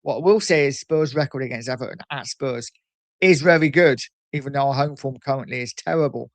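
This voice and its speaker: A man hosting a casual livestream, reading out viewer comments in a chatty, animated way with frequent ums. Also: mid-range voice, fairly quick, no room sound. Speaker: livestream host reading chat. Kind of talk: casual live chat.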